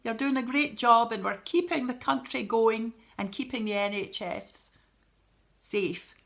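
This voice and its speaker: A woman singing show tunes and then chatting warmly to her viewers in a theatrical, heartfelt and effusive way. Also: a little high, a little slow, creaky. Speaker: club member performing songs.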